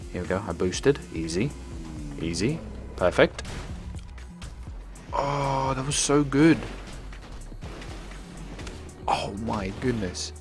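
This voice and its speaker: A young man giving excitable live commentary on his gameplay stream, joking with chat and swearing. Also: lowish voice. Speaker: gaming streamer.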